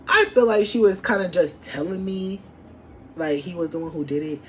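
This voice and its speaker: A young adult woman vlogger telling an animated, profane story from her past and acting out what people said. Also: on the low side, moderate pace, slight background noise. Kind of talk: storytime vlog.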